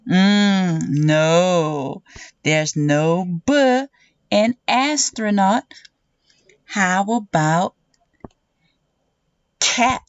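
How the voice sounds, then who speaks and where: Woman, children's phonics teacher, very slow, exaggerated sounding-out, dull lo-fi audio. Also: mid-range voice, clear, resonant tone, no echo.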